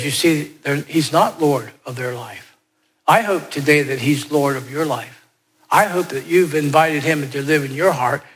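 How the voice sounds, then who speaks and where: A man's voice: medium pitch, slight background noise. A man preaching a sermon, emphatic and repeating key phrases as he urges his listeners.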